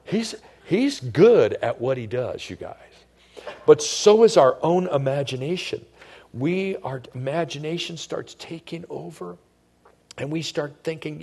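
A male pastor preaching with energy, often dropping into soft, whispered asides as he acts out the devil and doubting believers. His voice is husky and sits at a middle pitch. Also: measured pace. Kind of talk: sermon.

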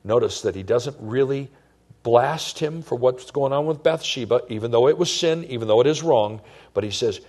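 A man preaching a sermon in a conversational way, his voice swinging from loud emphasis to hushed tones. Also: medium pitch, moderate pace. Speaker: pastor.

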